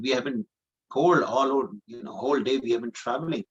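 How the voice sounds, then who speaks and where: A man's voice: medium pitch, brisk, muffled recording. A man giving a scripture class, telling a story earnestly and repeating phrases for emphasis. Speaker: preacher.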